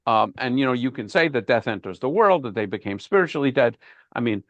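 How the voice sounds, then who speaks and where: A man's voice: mid-range voice, expressive, brisk, no room sound, dull audio. A man, a rabbi, leading an informal online Bible class, thinking aloud and often repeating words. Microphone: video call.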